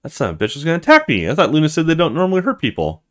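Animated man narrating a game. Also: fairly high pitch, racing. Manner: animated, swears a lot. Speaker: let's player. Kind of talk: gaming commentary reading dialogue aloud.

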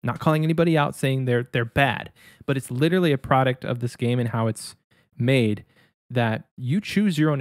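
A man co-hosting a podcast, explaining his view in a measured, agreeable casual chat. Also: medium pitch, no echo, studio quality. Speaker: podcast co-host.

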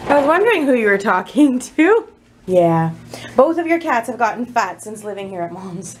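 A woman vlogs around her mother's house with a handheld camera, chatting and laughing easily as she talks to the viewers. Her voice sits fairly high, with a faint hiss of noise under it. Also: sing-song, moderate pace. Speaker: vlogger. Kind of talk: casual family vlog.

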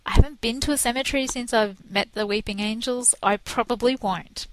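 A woman co-hosting a chatty podcast, telling stories with lively excitement. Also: fairly high pitch, a little fast, background noise. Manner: excitable, animated storytelling. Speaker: podcast co-host. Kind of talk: casual chat.

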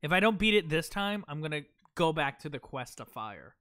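A young man streaming a video game live, reacting excitably, talking to himself and thanking chat. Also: fairly high pitch, moderate pace. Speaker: gaming livestreamer. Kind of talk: live gameplay commentary.

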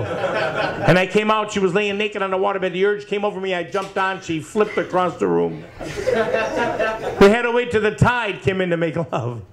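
A man in his fifties doing a profane stand-up routine, rapid-fire jokes and needling the crowd in a bar. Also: high voice. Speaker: stand-up comedian. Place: bar with live audience. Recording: live bar set with crowd laughing. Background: crowd laughter.

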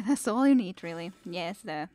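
A woman's voice: mid-range voice, expressive, measured pace, warm tone. A woman in her twenties streaming a game, chatting casually and answering her chat between moments of play. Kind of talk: casual live-stream chat while gaming.

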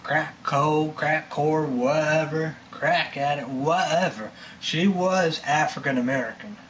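A man's voice: fairly high pitch, takes it slowly, fairly bright tone, a little hiss or hum. A man talking in a casual, rambling monologue, repeating himself and leaning on fillers. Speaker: vlogger ranting on camera.

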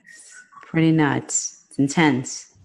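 A woman's voice: sits low, fairly even intonation, takes it slowly, a little mellow. A woman co-hosting a podcast in casual chat, mostly giving short agreeing replies. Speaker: podcast co-host.

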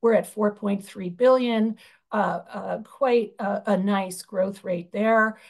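A woman's voice: medium pitch, slow, creaky. A woman chairing a union budget committee, presenting slides over a video call, explaining with frequent fillers and restarts.

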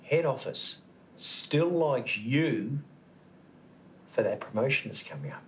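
A placating Australian store manager who smooths things over with mateship talk. His pitch rises and falls a lot. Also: sing-song, takes it slowly, fairly bright tone, slight background noise. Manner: placating, chummy.

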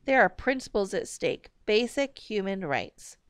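A woman's voice: medium pitch, very animated, a little slow, smooth, no echo. A woman reading a defiant, self-righteous father. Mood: indignant. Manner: dry, indignant, pleading.

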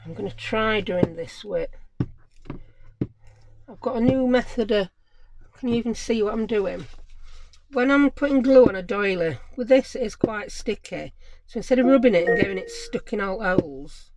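A woman's voice: mid-range voice, animated, normal speed, noisy background. A woman hosting a craft channel, chatting casually and musing aloud to herself as she works.

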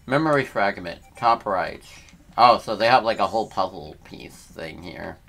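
A man's voice: deep voice, lively intonation, normal speed, vocal fry, a bit bright, faint music behind. A young man giving casual, laid-back gameplay commentary and reacting aloud in slangy talk. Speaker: let's player.

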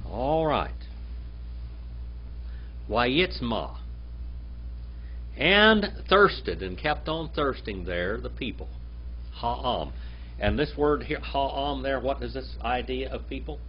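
Man, Bible language teacher, very slow and deliberate, quizzing the class; dull lo-fi recording with a faint hum. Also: medium pitch, lively intonation. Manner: quizzes the class, reads Hebrew words slowly.

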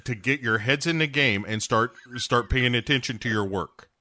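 A man's voice: mid-range voice, moderate pace, pushed and bright, dry recording. A man co-hosting a podcast, recapping a movie in a sarcastic, profane way and acting out the characters' lines. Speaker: podcast co-host. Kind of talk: casual comedic movie recap.

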